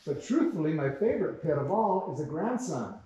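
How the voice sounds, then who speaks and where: A man's voice: fairly high pitch, very animated, brisk, warm tone. A man reading the lines of a hapless, well-meaning old grandfather in a mild, apologetic way. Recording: very echoey room heard from far off.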